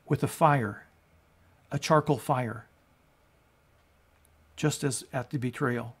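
A male pastor giving a sermon and reading scripture, emphatic and rising to loud peaks on quoted lines. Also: medium pitch. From United States.

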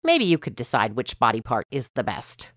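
A woman's voice: rumbling low, wildly swooping pitch, moderate pace, no echo, studio quality, pitched below the performer's own voice, heavily acted. A woman doing a polite, proud talking ear. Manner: polite, gently boastful.

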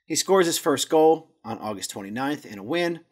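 A podcast host casually reads through his notes, adding jokey asides and stumbling over Spanish words. His voice is on the high side, with lively intonation and a moderate pace.

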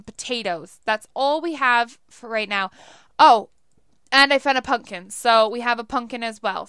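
A woman's voice: on the high side, bright, forceful tone, smooth, no room sound. A young woman giving casual let's play commentary, chatty and laughing often as she talks to herself while playing.

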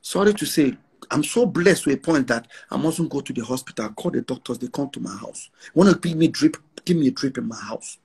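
A man's voice: mid-range voice, expressive, fairly quick, gravelly, darkish tone, husky. A brash, defiant man with a Nigerian accent, talking boastfully in an interview and repeating phrases for emphasis. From northern Nigeria.

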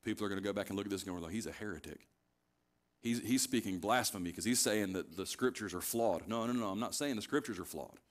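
Earnest male pastor, casual sermon storytelling. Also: fairly low pitch. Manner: casual storytelling, acting out the scenes he retells; earnest, pressing his point with repetition. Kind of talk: conversational sermon.

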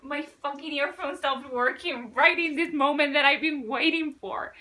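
A woman giving excitable, swearing reaction commentary, ranting in exasperation. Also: high voice, moderate pace, hardly any pauses, distant mic. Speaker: reaction video creator. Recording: roomy sound from off the mic, faint ambience.

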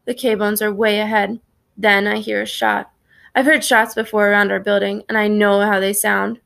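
A woman's voice: mid-range voice, level tone, normal speed, gravelly, a bit bright. A woman narrating a children's story in the first person, reading expressively. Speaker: audiobook narrator.

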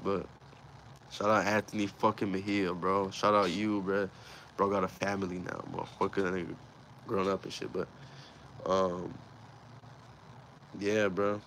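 A man's voice: low voice, little pitch movement, measured pace, pauses often, a bit bright, a little hiss or hum. A young man casually telling a rambling personal story, full of slang and swearing. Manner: slangy, profane, rambling retelling.

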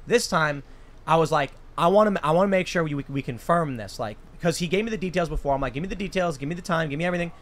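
A man's voice: fairly high pitch, fast. A man in his thirties hosting a casual chat, telling a rambling story and acting out the quotes. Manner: rambling, animated, acts out quotes. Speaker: host.

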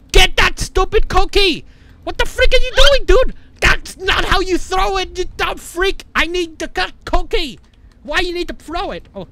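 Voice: sits high, bright, forceful tone. A gamer giving frantic, panicky commentary on a horror game, swearing constantly. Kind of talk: let's play commentary.

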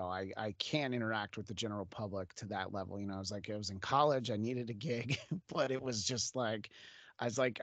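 A man's voice: lowish voice, no room sound. A man hosting a casual podcast interview, talking in a loose, rambling way with many fillers and chuckles. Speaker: podcast host.

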